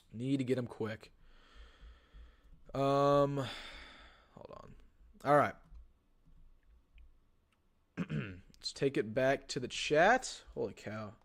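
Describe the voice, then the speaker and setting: Young male stream host, casual and rambling, slightly high pitch, desk mic at home. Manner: chatty, thinks aloud, frequent restarts and ums. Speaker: sports livestream host. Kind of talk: casual live-stream commentary.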